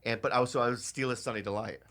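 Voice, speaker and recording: A male podcast co-host telling a funny story in casual chat, halting and restarting and laughing into his punchlines. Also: medium pitch, steady tone, fairly bright tone.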